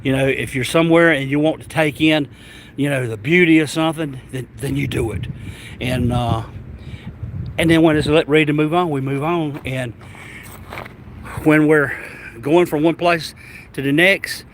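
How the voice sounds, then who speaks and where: A man with a Southern US accent, telling a travel story to his vlog audience in a rambling, animated way with stammered restarts. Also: fairly high pitch, moderate pace, long pauses, a little hiss or hum. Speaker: travel vlogger. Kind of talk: casual storytelling.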